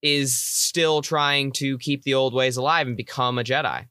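A man with a bright, forceful voice co-hosts a casual fan podcast. He is wry and teasing and talks in quick bursts. His voice sits dry and close to the mic. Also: medium pitch, steady tone, smooth, dry recording. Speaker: podcast co-host.

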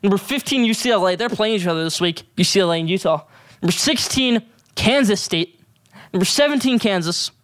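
A man's voice: high-pitched, expressive, brisk, fairly bright tone, no echo. A man hosting a sports show, giving emphatic, opinionated picks and hot takes.

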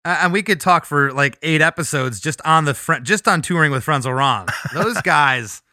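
A man's voice: fairly high pitch, lively intonation, normal speed, bright, forceful tone, dry recording, studio quality. A middle-aged man, a touring musician and the guest, telling stories in a rambling way with frequent laughs and restarts. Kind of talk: casual interview storytelling.

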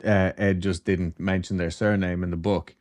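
Low-voiced man telling a story casually. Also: level tone, normal speed, darkish tone. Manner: chatty and loose, with swearing and filler asides. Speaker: podcast host.

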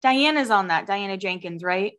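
A woman's voice: medium pitch, lively intonation, moderate pace, a bit bright. A woman co-hosting a podcast in casual chat, chatty, laughing easily and swearing freely. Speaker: podcast co-host.

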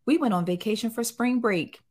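A woman's voice: a little high, fairly quick. A middle-aged woman telling a story in a casual interview, acting out the quotes in different voices. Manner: animated, acts out quotes in voices. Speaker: guest, site owner.

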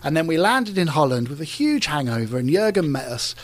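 A middle-aged Englishman, a car designer, telling stories in a casual interview, animated and often laughing, with frequent restarts. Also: fairly high pitch, fairly quick.

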